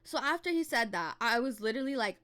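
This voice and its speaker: A woman's voice: fairly high pitch, expressive, fast, sharp tone. A woman telling a casual storytime vlog, emphatic and heavy on swearing, often slipping into quoting others.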